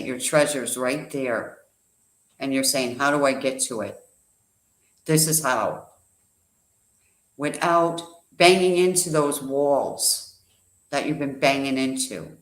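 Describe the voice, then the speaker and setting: A man's voice: mid-range voice, a bit bright. A man giving an emphatic motivational talk, full of rhetorical questions and a told parable. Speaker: guest speaker. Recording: echoey room.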